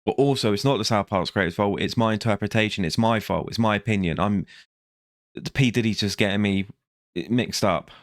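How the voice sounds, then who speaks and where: A man's voice: on the low side, a little fast, dry recording, studio quality. Tired man ranting. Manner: rambling, self-correcting, sarcastic. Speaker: vlogger. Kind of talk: rambling rant review.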